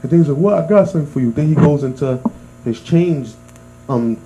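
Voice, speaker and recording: A man's voice: fairly high pitch, brisk, a little hiss or hum, poor audio. A man co-hosting a casual chat among friends, telling a story and acting out the lines of the people in it. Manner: animated storyteller, acts out quotes. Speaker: podcast co-host.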